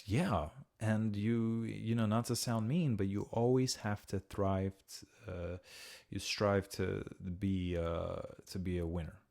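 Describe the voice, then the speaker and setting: A man's voice: fairly low pitch, fairly even intonation, takes it slowly, gravelly, a little mellow. A man hosting a podcast, chatting casually and profanely, acting out quoted voices as he talks. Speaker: podcast host.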